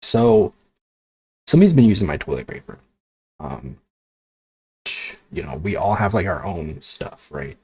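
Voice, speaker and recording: A man's voice: sits low, animated, measured pace, long pauses, mellow, slight background noise. A man streaming as a VTuber, ranting casually with exasperation, swearing and sarcasm. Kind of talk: casual livestream chat.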